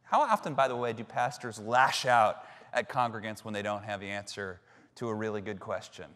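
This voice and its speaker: Long hall reverb surrounds a man in his thirties delivering a sermon as a pastor. He tells self-deprecating stories conversationally in a fairly low, fairly bright voice, speaking a little fast.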